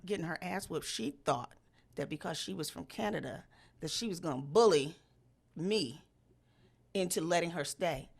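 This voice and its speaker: A woman telling a story in casual chat, animated and profane, and she jumps into loud high voices when she quotes people. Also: vocal fry. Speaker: storyteller host.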